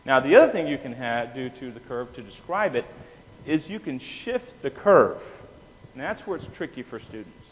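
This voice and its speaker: A man giving an anesthesia lecture, animated, quizzing the class and often checking in with "okay?". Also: mid-range voice, normal speed. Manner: animated, asks the class questions, keeps saying "okay?". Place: lecture room. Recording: reverberant hall with faint noise.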